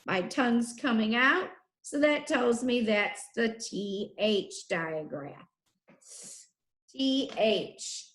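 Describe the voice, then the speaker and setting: A woman teacher leading a children's phonics lesson, sounding out letters and syllables slowly and clearly. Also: a little high, a bit bright. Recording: echoey room.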